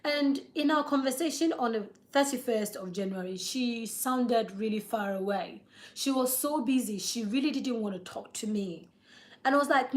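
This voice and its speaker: A woman in her thirties tells a personal story live to her viewers, earnest and emotional. Her voice sits a little high, and she leans on repeated words and quick check-ins with her listeners. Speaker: vlogger.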